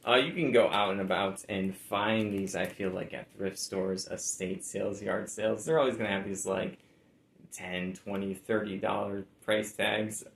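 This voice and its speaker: A man with a low, gravelly voice talks in a laid-back, rambling way, full of "like" and "uh". He sounds as though he is in an echoey room, with faint background noise. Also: fairly even intonation, moderate pace. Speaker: reseller showing sold items. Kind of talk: casual chat.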